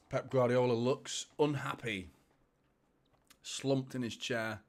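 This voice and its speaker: A man's voice: medium pitch, slow, vocal fry. A man, hosting a live football watchalong, chatting casually and laughing as he reads viewer comments. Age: 30s.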